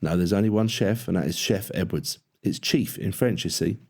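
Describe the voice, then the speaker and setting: A deep-voiced man reads a friendly, plump young kitchen lad in an audiobook. He sounds easygoing and matter-of-fact, and his talk is blunt and casual. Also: moderate pace, vocal fry, darkish tone. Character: friendly tubby young male kitchen hand.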